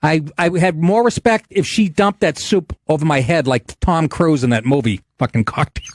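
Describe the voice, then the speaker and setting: A man's voice: a little high, moderate pace, dry recording, studio quality. A man hosting a podcast, ranting in a profane, blustering way. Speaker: podcast host. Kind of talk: casual ranting talk show.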